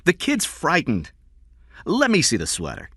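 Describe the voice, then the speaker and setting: A bitter, desperate kidnapper speaks in a soft, pleading way, as a male reader puts him on. The tone is bright and lively in pitch, and the sound is close and dry. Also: a little slow, slightly rough, no room sound, full character voice. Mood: calm.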